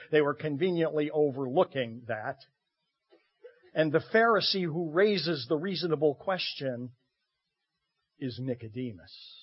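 A pastor delivers a sermon, his husky, slightly high voice swelling for emphasis and dropping low for asides. He leans on dramatic pauses. The recording is muffled and lo-fi. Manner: expressive, swinging between loud emphasis and quiet asides.

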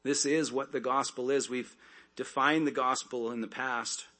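A pastor preaches a sermon, reading scripture aloud and breaking into casual asides and quick jokes. His medium-pitched voice is steady and sharp.

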